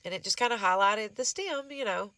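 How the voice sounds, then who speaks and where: A DIY crafts vlogger from the Southern United States, her nose stuffy from hay fever, walks through a craft project in chatty, rambling how-to narration, calling viewers y'all and honey. Her medium-pitched voice is a bit bright and fairly quick, recorded dry.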